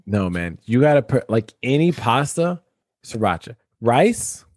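A man's voice: medium pitch, very animated, a little slow, a little mellow. A man chatting casually on a podcast, laid-back and slangy, swearing freely. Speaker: podcast co-host. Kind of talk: casual chat.

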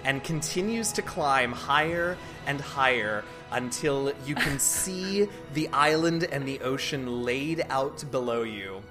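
A man's voice: mid-range voice, slow, hardly any pauses. A man running a tabletop game as game master, narrating with playful asides and frequent laughter. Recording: podcast with music underneath.

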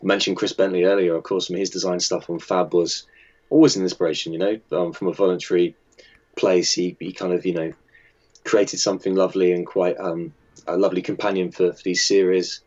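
A man's voice: sits low, little pitch movement, brisk, a little mellow, highs cut off. A man who edits and designs a magazine answers interview questions in a chatty, hesitant way, with many fillers and restarts.

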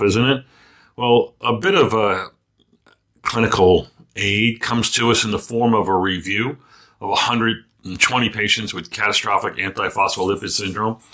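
A man's voice: on the low side, sharp tone. A man hosting a medical podcast in a casual, chatty way with many fillers and asides. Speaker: podcast host, physician editor.

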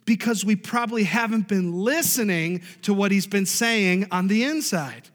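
A man's voice: high-pitched, moderate pace, long reverb tail. A man preaching a sermon as pastor, emphatic, often asking the congregation "right?" and drawing an "amen".

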